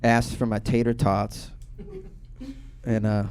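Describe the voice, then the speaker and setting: A man in his thirties from Boston doing a stand-up comedy set, telling a loose, profane story with sudden loud bursts. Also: on the low side, flat delivery, slow, clear, resonant tone. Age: 30s.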